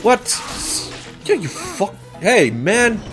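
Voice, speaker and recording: A man commenting on his own gameplay with sarcastic jokes, yelps and laughter. His voice sits somewhat high, and he talks at an unhurried pace. Faint game music plays behind him. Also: very animated, a bit bright. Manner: sarcastic, jokey, exclaiming and laughing. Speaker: let's play host.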